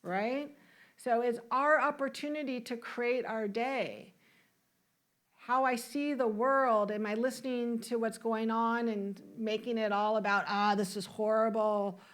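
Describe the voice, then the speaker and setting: Speaking a bit slowly and in an even tone, a woman minister preaches in a church sanctuary, her voice pitched slightly above most. She keeps things warm and chatty, firing one question after another at her listeners and occasionally sharing a laugh with them.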